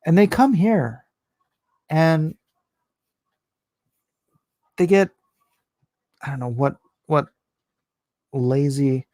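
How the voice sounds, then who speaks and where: Hoarse male streamer, slow and rambling, dry close sound, casual opinion chat. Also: fairly high pitch, lively intonation, warm tone, no echo. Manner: rambling, opinionated, restarts often. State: voice going hoarse. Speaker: livestream host reading chat. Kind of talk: casual late-night livestream chat.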